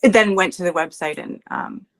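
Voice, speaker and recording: A woman guest speaks nervously and with excitement, hesitating often. Her voice is somewhat low. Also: moderate pace.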